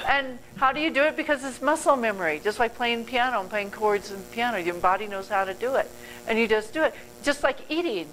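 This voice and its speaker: A woman's voice: on the high side, animated, fairly quick, fairly bright tone, a little hiss or hum, rough recording. An older woman giving a motivational talk as a guest speaker at a club meeting. She speaks earnestly, rambles and corrects herself mid-sentence.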